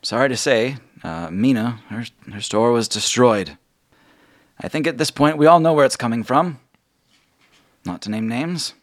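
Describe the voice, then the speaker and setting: A man's voice: medium pitch, moderate pace, voice pushed up, lightly acted. A man voicing a weary female guild leader who talks in an earnest, worried way and stammers.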